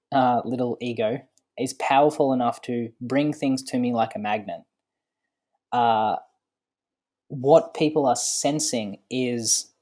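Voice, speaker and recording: A man who is a podcast guest, explaining ideas thoughtfully with many pauses and fillers. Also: medium pitch, a little mellow. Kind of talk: casual podcast conversation.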